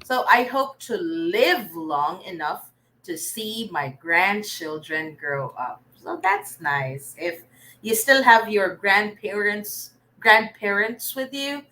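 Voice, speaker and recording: A woman's voice: medium pitch, lively intonation, takes it slowly, bright, forceful tone, poor audio. A woman teacher, teaching a live online reading lesson and praising students by name.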